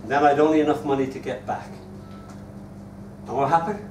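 A man in his sixties with an Irish accent, a poet reading his work and telling stories at a live reading in a hotel, animated and often chuckling as he recites verse. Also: on the high side, brisk. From Ireland. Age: 60s. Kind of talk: live poetry reading with storytelling. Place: hotel room at a poetry festival. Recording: echoey room, distant mic, noisy.

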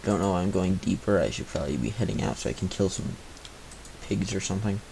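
A man's voice: low voice, lively intonation, fast, vocal fry, dark tone, slight background noise, rough recording. A man giving live gameplay commentary on a cheap microphone, mumbling and grumbling to himself with frustrated asides. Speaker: gaming commentator. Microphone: cheap replacement microphone.

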